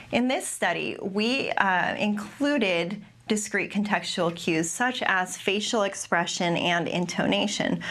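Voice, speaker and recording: A young adult woman, a behavior analyst, gives a webinar talk and answers questions, with many pauses and restarts. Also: mid-range voice, a bit bright. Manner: careful, with frequent ums and restarts. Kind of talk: webinar presentation with Q&A.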